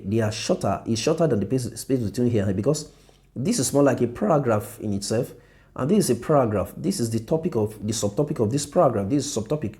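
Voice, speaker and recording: A man's voice: medium pitch, warm tone. A man teaching a design lesson over a screen share, often repeating himself and checking in with "okay" and "you see".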